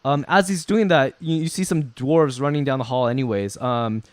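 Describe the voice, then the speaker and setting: A man serves as game master at a small gaming table, laying out rules and narrating scenes in a steady, explanatory way with many ums. His voice sits at an ordinary middle pitch and sounds close and dry. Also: moderate pace, no room sound.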